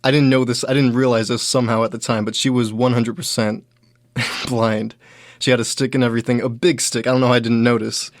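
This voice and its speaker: Young male comic host, mid pitch, dry close sound, rambling anecdotes with many fillers. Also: level tone, brisk, no echo. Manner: rambling, filler-heavy, quoting others in raised voices. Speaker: comedian host. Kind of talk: casual storytelling monologue.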